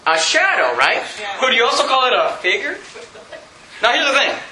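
A man preaching a sermon in a church, emphatic and animated, reading verses and breaking off for jokes and asides. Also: extremely high pitch, normal speed, crowd noise. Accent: non-standard accent. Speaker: pastor. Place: church sanctuary. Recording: echoey church room.

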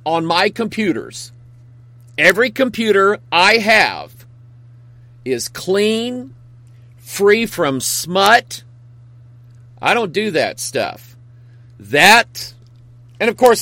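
A man's voice: high-pitched, big pitch swings, takes it slowly, pauses often, fairly bright tone, no room sound. A man, a pastor, hosting a talk show in a casual, earnest monologue that rambles and grows emphatic.

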